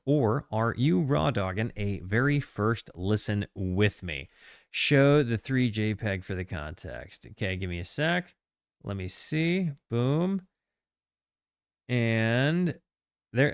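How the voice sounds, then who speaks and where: A man's voice: medium pitch, very animated, clear, resonant tone, dry recording. A man hosting a casual live stream, talking straight to his chat with lots of ums and restarts. His voice sits in an ordinary middle range. It is recorded close and dry, with no room sound. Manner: chatty, halting, with frequent fillers and self-corrections; hearty shout-outs to chat. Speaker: streamer reacting to music.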